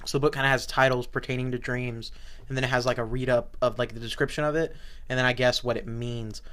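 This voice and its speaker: A man's voice: mid-range voice, fairly even intonation, fast, fairly bright tone. A young man co-hosting a podcast, chatting and joking in a rambling way at a small table. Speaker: podcast co-host. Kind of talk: casual chat.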